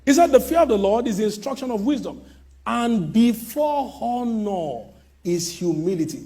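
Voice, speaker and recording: A man preaching with a high, very lively voice that leaps up and down. He is emphatic, shouting points and then dropping to low asides, and he mimics people he preaches about. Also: moderate pace. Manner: mimics others' voices mid-sermon. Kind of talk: sermon.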